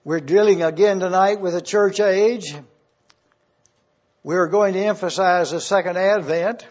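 A man preaching a teaching sermon, reading scripture aloud and slowly spelling out terms. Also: high-pitched, darkish tone. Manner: slow and deliberate, spelling out terms. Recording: dull lo-fi sermon recording.

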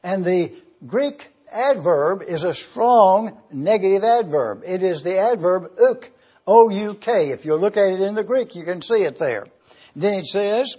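A man preaching a slow expository sermon, deliberately spelling out Greek words letter by letter. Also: high voice, animated, warm tone, slightly rough. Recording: dull lo-fi church recording.

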